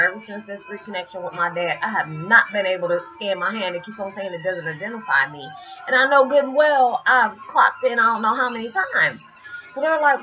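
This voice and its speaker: A woman's voice: mid-range voice, fairly quick. A woman in her forties talking casually and heartfelt in a rambling spiritual vlog, full of fillers. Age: 40s. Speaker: vlogger. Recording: dull lo-fi with loud music behind.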